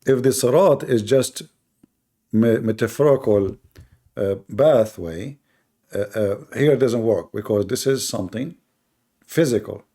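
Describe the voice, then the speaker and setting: A man's voice: mid-range voice, measured pace, pauses often, warm tone. A man in a live online debate, combative and scornful, repeating points for emphasis in non-native English.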